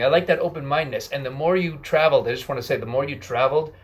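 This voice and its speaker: A man's voice: a little high, quick pace, hardly any pauses. A young man hosting a casual conversation, talking in an enthusiastic, loose way full of fillers. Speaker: host.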